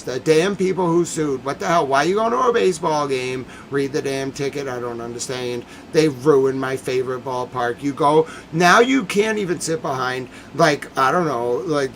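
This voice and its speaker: A man's voice: fairly high pitch, slight background noise, rough recording. A young man ranting in an exasperated, heated way as host of a casual talk stream. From Boston area, United States. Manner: heated, exasperated rant with frequent swearing and shouting.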